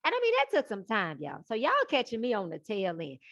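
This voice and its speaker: A woman guest on a podcast, telling her story in a lively, casual way and acting out the voices she quotes. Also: medium pitch, fairly quick, no echo. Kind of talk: casual interview talk. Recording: dull lo-fi, dry.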